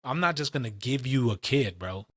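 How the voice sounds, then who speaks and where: A man's voice: medium pitch, animated, moderate pace, fairly bright tone, dry recording, studio quality. A man in his late twenties or thirties, co-hosting a casual podcast and telling stories in heavy, profane street slang. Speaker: podcast co-host.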